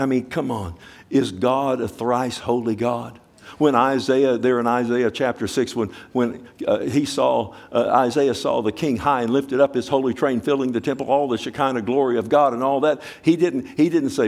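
A man preaching a sermon as a pastor, asking his congregation questions and swinging from loud exclamation to hushed, slow emphasis. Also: medium pitch, animated.

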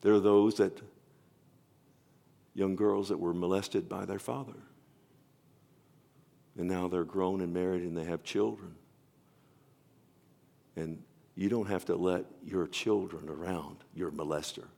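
An older man preaching a sermon with passion, swinging from loud outbursts to hushed tones. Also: low-pitched, steady tone, measured pace, gravelly, long pauses.

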